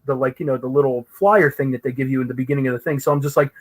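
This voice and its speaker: A man's voice: very fast, low-quality recording. A man as an interview guest, telling stories animatedly with many fillers and raising his voice to act out what he and others said. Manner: animated, full of fillers, acts out quoted voices higher. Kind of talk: casual storytelling in an interview.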